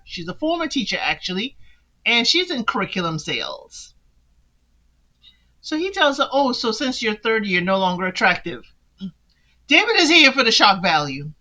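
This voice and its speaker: A woman's voice: mid-range voice, pushed and bright. A woman hosting a reality TV recap who talks in a sassy, casual way and speaks straight to the people she discusses. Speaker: recap podcast host.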